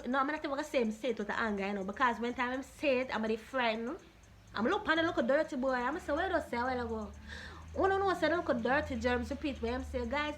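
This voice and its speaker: A Jamaican woman YouTuber answering viewer questions in a blunt, animated, Patois-laced way. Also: a little high, a little hiss or hum. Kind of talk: casual Q&A vlog.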